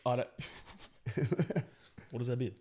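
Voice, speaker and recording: A young Australian man co-hosting a podcast, brash and swearing freely as he tells animated stories. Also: mid-range voice, slow pace. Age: young adult. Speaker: podcast co-host. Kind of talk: casual banter.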